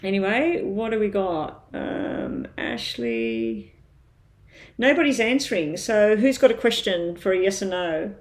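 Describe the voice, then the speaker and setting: A woman's voice: mid-range voice, sing-song, unhurried. A woman in her fifties with an Irish accent tinged British, chatting in a rambling way with many ums as she gives tarot readings on a live stream. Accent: Irish with a slight British tinge. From Ireland. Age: 50s. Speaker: tarot reader.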